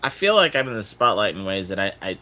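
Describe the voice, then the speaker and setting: Man, panelist, bright voice, lively pitch, hesitant, stammering. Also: fast talker. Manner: hesitant, stammers on his opening words. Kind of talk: casual group livestream chat.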